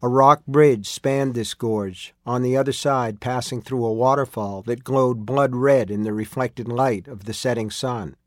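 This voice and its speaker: A man's voice: medium pitch, unhurried, few pauses, dry recording. Man reading a story, dry close sound. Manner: steady storytelling read. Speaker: audiobook narrator. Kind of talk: scripted narration.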